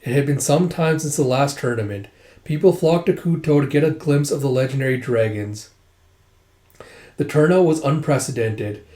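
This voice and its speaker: A man's voice: mid-range voice, normal speed, warm tone, reverberant. A man casually recapping a comic volume, rambling and stringing quotes together with "it's like". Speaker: comic book reviewer.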